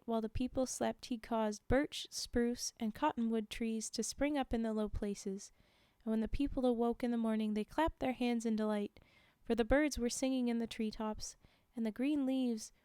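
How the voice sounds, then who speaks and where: A young adult woman reading folktales aloud on a livestream, chatty, pausing for casual asides and fillers. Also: a little high, steady tone, dark tone, smooth, dry recording, clean studio sound. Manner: chatty, frequent laughs and fillers while reading. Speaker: livestream storyteller.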